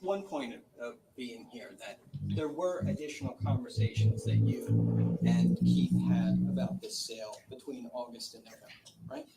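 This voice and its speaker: A man working as a trial attorney, cross-examining a witness in a courtroom with measured, methodical questions. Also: fairly low pitch, very animated, gravelly, over loud music, rough recording.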